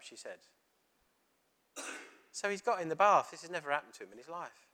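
A man's voice: fairly high pitch, a little fast, pauses often. A middle-aged man giving a sermon, telling a story and acting out the dialogue. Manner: storytelling, animated, retelling dialogue. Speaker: preacher.

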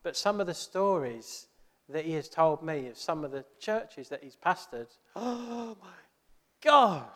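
Earnest preacher in a ringing church. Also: male voice, a little high, expressive, moderate pace, in a large hall. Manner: conversational, earnest, asks rhetorical questions. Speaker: pastor. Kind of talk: sermon.

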